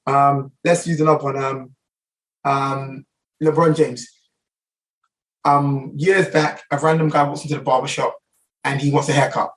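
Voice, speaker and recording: A man's voice: medium pitch, flat delivery, fairly bright tone, far from the mic, rough recording. A middle-aged man with a London accent, a barber guest telling anecdotes in a casual interview, full of fillers and restarts. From England. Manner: rapid anecdotal, many fillers.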